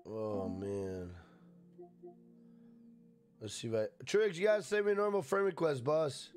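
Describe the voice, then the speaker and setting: A man's voice: medium pitch, animated, a little slow, over music. A man casually live-streaming a game, greeting chatters by name and swearing freely.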